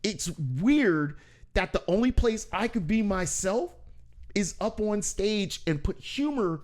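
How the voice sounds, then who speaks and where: A middle-aged man hosting a podcast, telling stories in casual chat and acting out quotes with bursts of loudness. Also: high-pitched, slow pace. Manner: animated storyteller, acts out quotes loudly. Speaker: podcast host and stand-up comedian.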